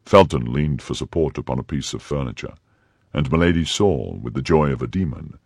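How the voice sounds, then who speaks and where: A man narrating a classic novel in a measured, grave storytelling manner. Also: rumbling low, animated, creaky, a little mellow, slightly rough, dry recording, clean studio sound. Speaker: audiobook narrator.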